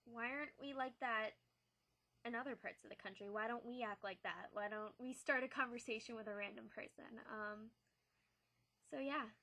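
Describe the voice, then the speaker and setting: Bright-voiced young woman vlogging earnestly. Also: a little high. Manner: earnest, chatty storytelling. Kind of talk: casual reflective vlog. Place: New England.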